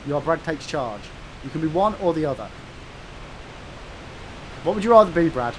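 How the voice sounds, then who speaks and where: A man's voice: a little high, expressive, normal speed, slight background noise. An English man doing live gameplay commentary, bantering and teasing with his chat, with sudden sweary outbursts at the game. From England. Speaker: gaming streamer.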